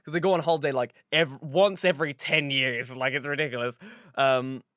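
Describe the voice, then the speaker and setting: A man's voice: mid-range voice, steady tone, brisk, sharp tone, dry recording, clean studio sound. A man co-hosting a podcast, chatting casually, swearing freely and acting out quoted voices. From Europe. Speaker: podcast co-host. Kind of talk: casual chat.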